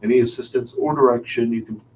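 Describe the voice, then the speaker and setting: A man co-hosting a webinar, reading viewer questions aloud in a steady, measured way with small hesitations. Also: medium pitch, a little hiss or hum, rough recording.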